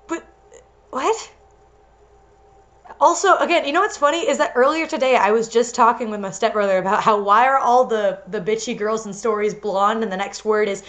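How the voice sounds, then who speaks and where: A woman's voice: fairly high pitch, normal speed, a bit bright. Giggly young woman reading aloud. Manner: giggly, interrupts herself with asides. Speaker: reader and co-host. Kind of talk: comedic dramatic reading with commentary.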